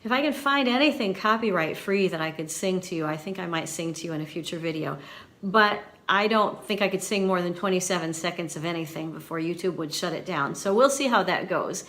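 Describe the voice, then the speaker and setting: A woman's voice: fairly low pitch, brisk, a bit bright. A woman over fifty hosting her own vlog, talking in an earnest, chatty way to viewers in a light soprano voice. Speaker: channel host and university teacher. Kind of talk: casual vlog talk to viewers.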